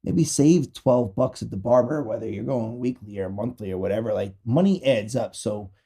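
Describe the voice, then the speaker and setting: A man's voice: mid-range voice, normal speed, vocal fry, mellow, slightly rough. A man hosting a podcast, rambling casually and profanely through a joking sponsor read. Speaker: podcast host.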